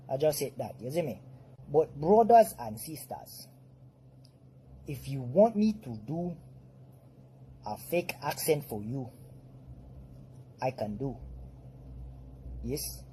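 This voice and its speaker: Jamaican man, comedy monologue to camera; deliberate, unhurried delivery, slightly high voice. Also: mellow, slight background noise, rough recording. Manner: deliberate, earnest, drops into patois phrasing. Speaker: comedic vlogger.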